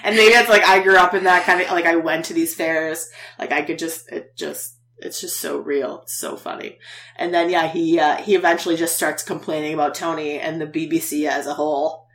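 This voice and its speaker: A woman's voice: deep voice, steady tone, a little fast, a bit bright. A woman podcast host casually recapping a TV episode, chatty and laughing often.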